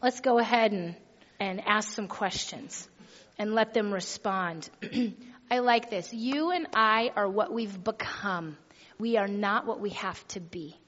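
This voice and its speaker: A woman's voice: medium pitch, slow, fairly bright tone. A middle-aged woman preaching a sermon, telling a personal story in a chatty, laughing way. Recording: dull sound with long hall reverb.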